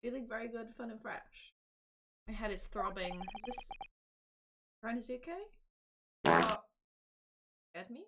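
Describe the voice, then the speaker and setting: A young woman giving excitable, exclamatory let's-play commentary as a streamer. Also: a little high, unhurried, long pauses, noisy background. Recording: game music behind.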